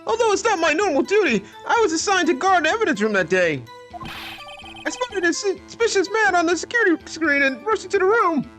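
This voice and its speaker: A shrill, overeager young cop from a courtroom game. He yelps every line high and loud, like he's reporting to a drill sergeant, always tacking on "sir." His voice leaps all over the place, with faint music underneath. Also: sing-song, a little fast, exaggerated voice. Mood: eager. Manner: shouting, ends lines with "sir". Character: eager young male police officer, jumpy.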